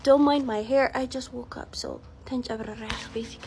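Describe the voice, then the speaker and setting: A woman's voice: fairly high pitch, steady tone, very fast, a little mellow, slight background noise. A woman narrating a scary personal story, mixing English words into her speech.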